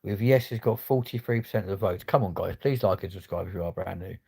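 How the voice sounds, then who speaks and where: Casting: male streamer, low gravelly voice, laddish and sweary. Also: fast, a little mellow. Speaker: livestream host. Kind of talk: casual livestream chat.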